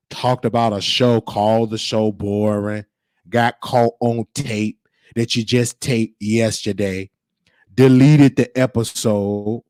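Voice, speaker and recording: A man's voice: medium pitch, a little mellow, no echo. A man hosting his own show, talking in an emphatic, preachy way and repeating his points. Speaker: show host. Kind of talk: casual livestream monologue. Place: Texas.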